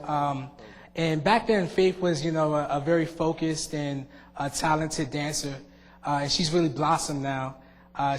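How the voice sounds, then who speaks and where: Young man with filler-heavy halting speech. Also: fairly high pitch. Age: young adult. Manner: halting, many fillers and restarts. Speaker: outgoing student board member. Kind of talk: farewell speech at a public meeting. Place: school board meeting room. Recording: long reverb in a meeting hall.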